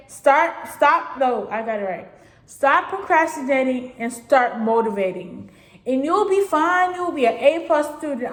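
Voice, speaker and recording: A teenage girl talks straight to her viewers, circling back over the same points in an earnest, rambling way. Her voice sits a little high, and the room around her gives it a noticeable echo. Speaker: vlogger giving advice. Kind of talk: casual spoken advice. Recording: echoey room.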